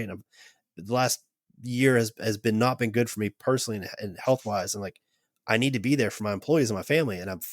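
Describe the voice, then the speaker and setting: A man, a podcast guest, telling a personal story in a casual, animated way. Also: fairly low pitch, dry recording, studio quality. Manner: animated, acts out quotes. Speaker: podcast guest, gear company owner.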